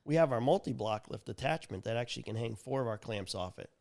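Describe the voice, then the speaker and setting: Enthusiastic man pitching tools. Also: expressive, fast talker, darkish tone. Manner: enthusiastic salesman storytelling. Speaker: tool company representative. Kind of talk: casual podcast chat.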